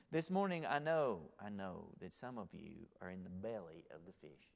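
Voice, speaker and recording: A male pastor with a lowish, gravelly voice preaches to a church congregation, swinging dramatically from loud exclamations to hushed near-whispers. The recording has a long hall reverb.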